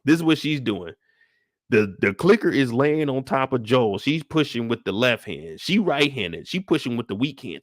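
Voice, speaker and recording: Brief: young man, profane and animated show recapper, tired, sighing, dry close sound. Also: medium pitch, normal speed, no echo. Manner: profane, acts out scenes with voices and sound effects. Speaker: YouTube show recap host. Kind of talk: animated casual recap commentary.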